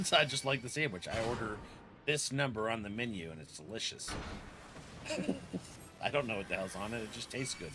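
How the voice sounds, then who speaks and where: A man's voice: medium pitch, lively intonation, brisk, noisy background. A man streaming an online game, chatting casually and rambling, often laughing at himself. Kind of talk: casual live-stream chat while gaming. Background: game music.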